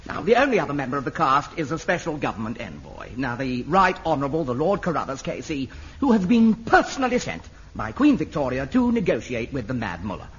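Fussy plummy posh director, husky, animated, dull old tv sound. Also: male voice, mid-range voice, brisk, hardly any pauses. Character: fussy, theatrical amateur-drama director. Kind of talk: sitcom acting.

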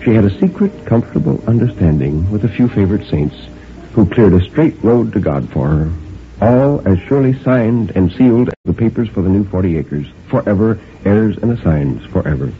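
A man narrating a radio drama in a grave, measured storytelling manner. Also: on the low side, very animated. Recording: tinny old radio recording with faint music.

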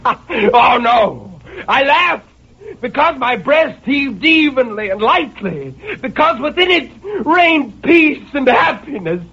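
A man's voice: on the low side, a little mellow, slightly rough. An actor playing a tormented male murderer in an old-time radio drama, swinging between manic laughter and brooding menace. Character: tormented male murderer raving in his cell. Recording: muffled vintage radio recording.

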